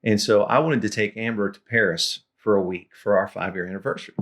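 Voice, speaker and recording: A middle-aged language tutor recounts funny moments from his own learning, relaxed and chuckling, occasionally clearing his throat. His fairly low voice moves at a brisk clip as he tells these anecdotal lesson stories.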